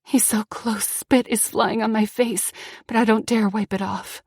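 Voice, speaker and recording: A young woman reading first-person audiobook narration with feeling, moving between tense passages and hushed ones. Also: a little high, steady tone, a little slow, gravelly, slightly rough, dry recording, clean studio sound.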